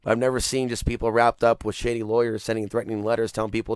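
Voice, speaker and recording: A male podcast host delivering a rambling, animated solo rant, swearing freely and breaking into laughter. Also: on the low side, fast, clear, resonant tone, no room sound, clean studio sound. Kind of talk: casual monologue rant.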